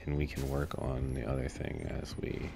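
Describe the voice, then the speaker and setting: Very deep-voiced man playing a game. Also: moderate pace. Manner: relaxed, rambling, thinking aloud. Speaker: gameplay streamer. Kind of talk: casual gameplay commentary. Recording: game music underneath.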